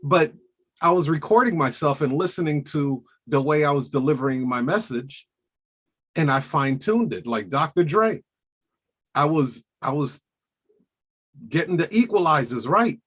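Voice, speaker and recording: A man hosting a casual coaching chat, speaking in a slow, deliberate and emphatic way. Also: on the high side, expressive, a bit bright, breathy edge. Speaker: podcast host coaching notaries.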